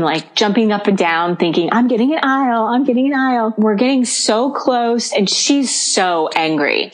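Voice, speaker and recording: A woman co-hosting a podcast, telling a story in casual chat, acting out the people in it and laughing often. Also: mid-range voice. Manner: animated storyteller, acts out quoted dialogue, laughs often. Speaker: podcast co-host.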